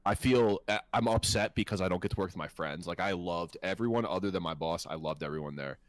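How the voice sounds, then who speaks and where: A podcast co-host chats casually and heatedly, swearing freely and laughing a lot. His voice sits low and he talks quickly, with no echo in the recording.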